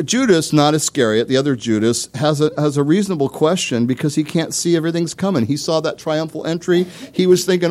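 A man's voice: a little high, a little mellow. A man preaching a sermon in a conversational way, with asides and small laughs, asking his listeners direct questions. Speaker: pastor.

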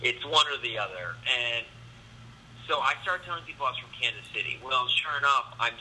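A man with a very bright, sharp voice tells a story in a casual podcast chat. He is animated and acts out the voices, with a faint hum of noise behind him. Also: medium pitch, a little fast, rough recording. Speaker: guest comedian.

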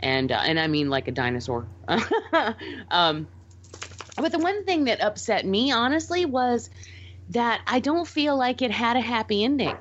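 A woman's voice: fairly high pitch, animated, normal speed, lo-fi sound, a little hiss or hum. A woman co-hosting a casual podcast, gushing and emotional as she reviews a movie, laughing easily. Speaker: podcast co-host.

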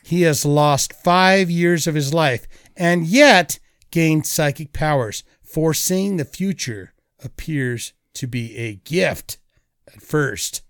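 A man hosting a casual podcast, reading out movie trivia and quiz clues in a slow, deliberate way. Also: fairly high pitch, a bit bright, clear, resonant tone, no room sound, clean studio sound.

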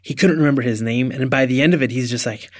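A man's voice: medium pitch, quick pace. Emphatic man chatting on a podcast. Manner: emphatic, full of restarts. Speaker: podcast co-host. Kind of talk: casual chat recapping a TV episode.

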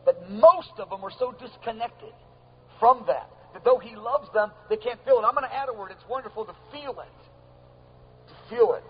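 A man preaching a sermon at a gathering, emphatic and repetitive, swinging from loud to soft. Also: extremely high pitch, brisk, slightly rough. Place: gathering hall with sound system. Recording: dull lo-fi with faint hum.

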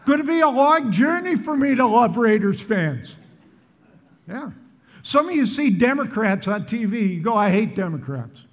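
A Midwestern pastor in his seventies preaches a sermon to a large church in northern Colorado, asking the crowd questions again and again. His voice is extremely high-pitched with a fairly bright tone, echoing in a large hall.

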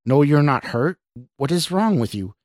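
Man playing a pleading, eerie female apparition in a spoken horror story, raised pitch. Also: lively intonation, normal speed, a little mellow, no echo, clean studio sound, natural voice. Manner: pleading, coaxing. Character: eerie bleeding woman, gentle and concerned.

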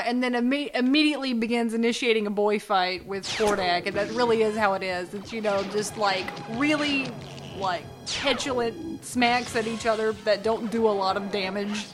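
A woman co-hosting a casual podcast chat, laughing often and making wry jokes. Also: medium pitch. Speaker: podcast co-host.

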